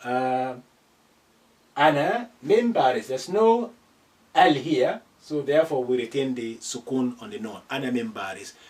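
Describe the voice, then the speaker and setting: A man teaching an Arabic lesson, slowly repeating phrases and spelling out sounds for his learners. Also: medium pitch, expressive, darkish tone. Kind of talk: classroom lesson. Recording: distant from the mic.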